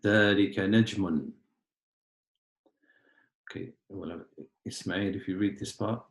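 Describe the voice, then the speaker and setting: Low-voiced man teaching Arabic, echoey room. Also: fairly even intonation, slow. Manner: patient, explains step by step, clears throat often. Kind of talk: online class lesson.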